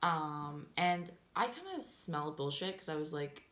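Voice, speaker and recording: Young woman vlogger, lowish voice, rambly storytime, says like a lot, acts out the quotes. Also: sing-song, measured pace, a bit bright, echoey room. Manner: chatty, fillers of "like" and "um" throughout. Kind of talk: casual storytime vlog.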